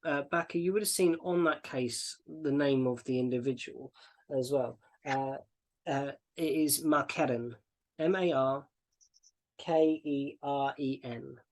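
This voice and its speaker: A man narrating as game master of a tabletop game, describing scenes in a relaxed, rambling way. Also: mid-range voice, a little slow.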